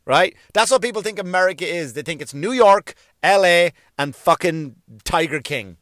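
A man's voice: high-pitched, animated, moderate pace, fairly bright tone, dry recording. Profane ranting male comedian, dry sound. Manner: profane, emphatic, repetitive. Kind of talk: solo comedic rant.

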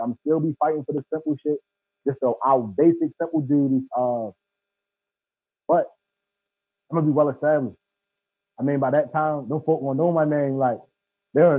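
A man's voice: on the high side, husky, no echo. Laid-back young man, tinny sound. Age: 20s. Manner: laid-back, slangy, slow and earnest. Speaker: guest, nonprofit founder. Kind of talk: casual interview.

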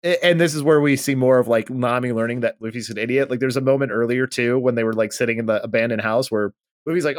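A man co-hosting a podcast, casually recapping a manga and acting out the characters' lines with lively energy. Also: medium pitch, fast, dry recording, clean studio sound. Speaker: podcast co-host.

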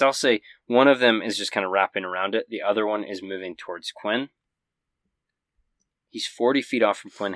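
A man narrating as game master, giving quick, vivid play-by-play of a fight. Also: lowish voice, bright, forceful tone, no echo.

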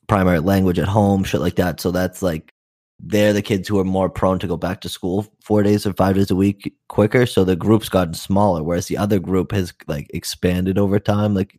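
Young dude w a lowish voice rambling + swearing thru camp stories, super casual. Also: male voice, darkish tone. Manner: profane, rambling storytelling with lots of "like" and "dude". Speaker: youth program counselor. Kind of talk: casual chat.

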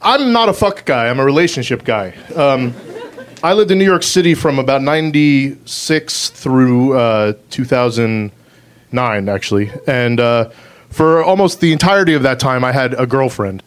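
Halting man telling a personal story. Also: medium pitch. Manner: halting, filler-heavy, self-amused.

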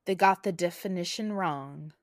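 A woman's voice: fairly low pitch, moderate pace. A woman chatting casually and reading short horror stories aloud, giggling and tripping over her words.

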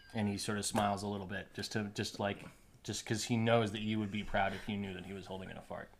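A man's voice: fairly low pitch, little pitch movement, brisk, creaky, slight background noise. A man narrating as game master of a tabletop game, with playful, comic narration.

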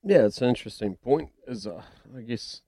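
A man's voice: mid-range voice, expressive, brisk, warm tone, no echo. A man with a New Zealand accent co-hosting a radio sports show, chatting casually in a matey, rambling way.

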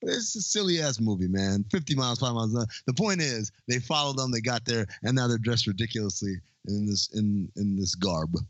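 Animated, swearing man in a movie chat. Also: lowish voice, dry recording, muffled recording. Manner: animated, swearing, quick to laugh. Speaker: podcast co-host.

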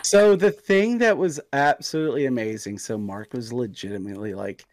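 A young man co-hosting a casual podcast, telling animated, joking stories. His voice sits at a middle pitch and the recording is dry, with no room echo. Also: moderate pace, few pauses. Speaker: podcast co-host. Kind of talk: casual chat.

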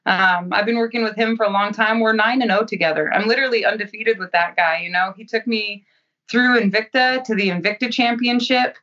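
Blunt, bright-voiced woman fighter, far from the mic. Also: medium pitch, steady tone, brisk, lo-fi sound. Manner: blunt, profane, self-assured. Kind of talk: interview answers.

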